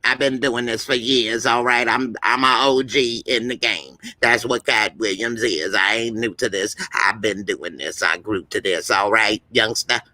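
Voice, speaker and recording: A man's voice: lowish voice, fairly even intonation, unhurried, few pauses, pushed and bright, no room sound, poor audio. A man impersonating a boastful veteran male comedian, talking in brash street slang with repeated "all right?" and "pimpin'". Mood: boasting.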